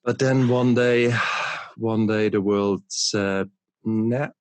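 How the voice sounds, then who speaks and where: Deep-voiced man hosting, slow and dry. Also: no echo. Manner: relaxed, measured questioning. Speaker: podcast host. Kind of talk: conversational interview.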